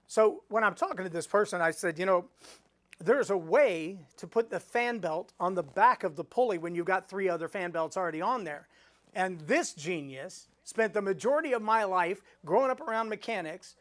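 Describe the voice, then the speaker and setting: A middle-aged man, a speaking coach, teaching storytelling in a live webinar, acting out the voices he quotes. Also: sits high. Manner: animated, acts out quoted voices.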